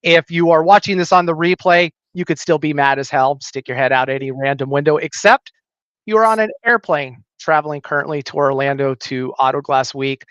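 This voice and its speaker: A man's voice: a little high, brisk, fairly bright tone, clear, resonant tone, no echo, highs cut off. A man hosting a podcast in a loose, jokey, casual chat, often restarting his sentences. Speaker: podcast host.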